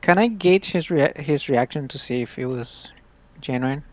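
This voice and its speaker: A man's voice: on the high side, normal speed, dry recording. A man playing a tabletop game, talking hesitantly with many fillers. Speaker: player. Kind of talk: casual tabletop game chat.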